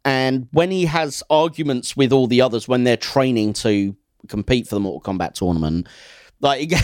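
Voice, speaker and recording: A young man co-hosting a casual film review podcast, enthusiastic and quick to laugh. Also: medium pitch, a little mellow, no echo, studio quality. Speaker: podcast co-host.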